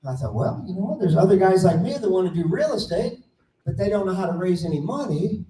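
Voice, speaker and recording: A middle-aged man giving a conference talk, telling a folksy story and acting out the dialogue with animated voices. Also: high voice, quick pace, slight background noise. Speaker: conference speaker. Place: conference room. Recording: roomy, distant mic, faint ambience.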